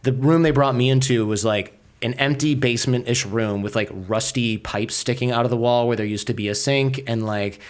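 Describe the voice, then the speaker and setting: A man guesting on a podcast, recounting a tense story in a loose, conversational way. His voice sits at a middle pitch, and he piles on fillers and quick restarts as he goes, with an animated, storytelling energy. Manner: fast-talking, many fillers and restarts, animated retelling. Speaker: podcaster and lawyer, interview guest. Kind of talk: casual storytelling in a podcast interview.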